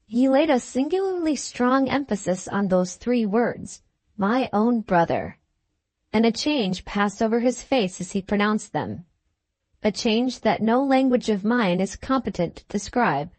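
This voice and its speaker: A woman narrating a classic novel as an audiobook, in a measured, even storytelling manner. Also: fairly high pitch, dry recording.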